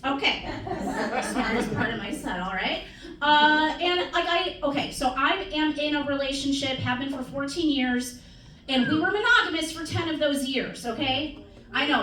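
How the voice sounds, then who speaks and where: A woman performing a stand-up comedy set on a club stage, animated and laughing often at her own jokes. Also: high-pitched. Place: comedy club stage before a live audience. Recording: echoey room, crowd laughter, distant mic. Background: audience laughing.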